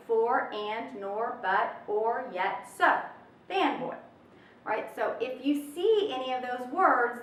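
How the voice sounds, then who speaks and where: A chatty woman teaches a recorded test prep lesson, upbeat and full of folksy asides. Her voice is bright and on the high side. It carries a roomy echo from a mic set at a distance. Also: slight background noise.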